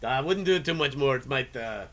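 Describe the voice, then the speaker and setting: A man voicing a gruff old female gnome cook who talks bluntly in clipped, broken phrases. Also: mid-range voice, lively intonation, fast talker, fairly bright tone, slight background noise, natural voice. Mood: grudging.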